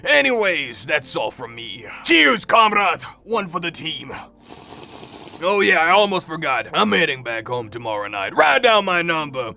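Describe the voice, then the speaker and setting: A man's voice: fairly high pitch, big pitch swings, moderate pace, vocal fry, sharp tone, pitched below the performer's own voice, full character voice. Man doing a folksy laid-back neighbor. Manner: matter-of-fact, folksy advice. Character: friendly middle-aged male neighbor, laid-back. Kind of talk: game dialogue read aloud.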